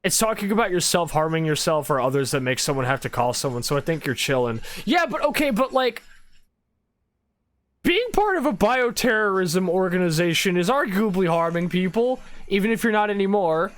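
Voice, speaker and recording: A woman's voice: on the low side, lively intonation, a little fast. A woman streamer in casual gaming chat, rambling and profane, laughing often.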